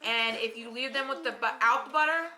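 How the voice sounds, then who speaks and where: A woman's voice: fairly high pitch, brisk, bright, forceful tone. A woman hosting a home baking vlog in her kitchen, patiently giving step-by-step instructions and coaching a child. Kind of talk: casual baking demonstration.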